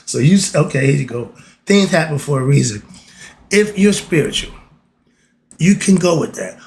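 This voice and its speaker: A man's voice: a little high, animated, moderate pace, a little hiss or hum. A man giving a casual spiritual talk, asking himself rhetorical questions and answering them. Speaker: spiritual teacher.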